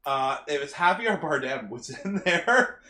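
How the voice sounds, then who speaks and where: A man co-hosting a casual podcast chat, telling stories in an animated, rambling way with lots of fillers. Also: on the high side, unhurried. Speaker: podcast co-host. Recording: roomy echoey mic.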